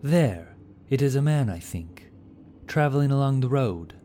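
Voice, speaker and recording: A man's voice: deep voice, normal speed, dark tone, slight background noise, pitched above the performer's own voice. A man voicing a steadfast, grim male knight who speaks in raised, urgent declarations.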